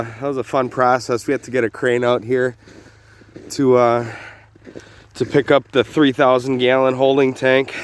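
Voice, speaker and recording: A man's voice: mid-range voice, slight background noise. Young male vlogger, easygoing and rambling, outdoors with a faint idling engine behind. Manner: relaxed, rambling with frequent "uh" pauses. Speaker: homestead vlogger. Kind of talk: casual outdoor vlog narration. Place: outdoors on a snowy rural property.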